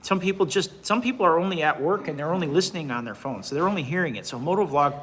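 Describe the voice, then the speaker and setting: A man in his forties hosts a casual livestream and answers his chat. His voice sits high for a man and sounds bright and forward. He rambles, repeating words and restarting sentences as he goes. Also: animated, quick pace, low-quality recording. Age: 40s. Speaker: livestream host. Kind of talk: casual live chat reading comments.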